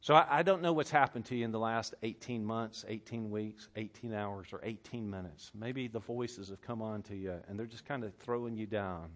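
A man with a Southern US accent preaching a sermon as pastor, telling stories with lively swings between loud bursts and hushed passages. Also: lowish voice, moderate pace, hardly any pauses. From Southern United States.

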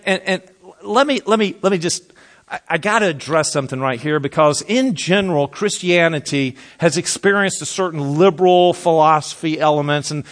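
Emphatic preacher man. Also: fairly bright tone. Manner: emphatic preaching, drops low for emphasis, repeats words when restarting. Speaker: pastor. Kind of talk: sermon.

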